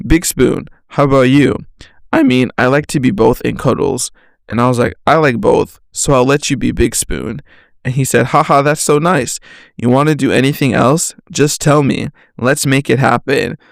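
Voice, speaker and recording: A young man tells a rambling story about a chat exchange, reading each message aloud with animated reactions and plenty of swearing. His voice sits mid-pitch with a gravelly rasp, and the recording is dry and close. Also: dry recording. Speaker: podcast host. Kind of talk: casual storytelling monologue.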